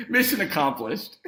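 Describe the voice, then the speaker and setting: A man's voice: sits high, echoey room. A man telling a rowdy story as a podcast guest in casual chat, laughing as he goes. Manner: animated, laughs through his story.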